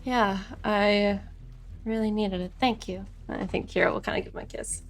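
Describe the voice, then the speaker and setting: Relaxed woman playing a tabletop game. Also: mid-range voice, moderate pace, soft background music. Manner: relaxed, conversational, mixes in-character lines with narration. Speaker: player. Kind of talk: tabletop role-play.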